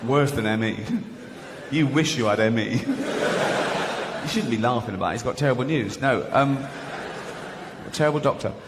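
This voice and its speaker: A man performing a stand-up routine, deadpan storytelling with acted-out dialogue. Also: medium pitch, normal speed, long pauses. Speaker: stand-up comedian. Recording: reverberant venue, faint noise.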